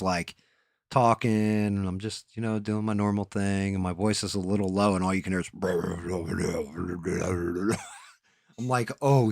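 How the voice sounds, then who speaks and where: A man's voice: on the low side, a bit bright, dry recording. A man hosting a casual live stream, rambling and swearing casually as he tells a story against himself.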